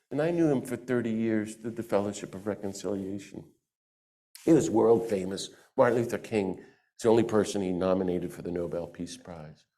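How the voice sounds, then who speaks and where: A man giving a lively talk to a church audience into a microphone, acting out the voices he quotes. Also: fairly low pitch. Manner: animated, acts out quoted voices. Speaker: guest speaker.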